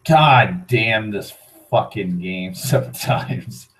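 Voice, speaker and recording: A man's voice: on the low side, animated, takes it slowly, a bit bright, low-quality recording. A young man giving let's play commentary, muttering and swearing as he plays. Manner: swearing, muttering reactions to the game. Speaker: gaming channel host.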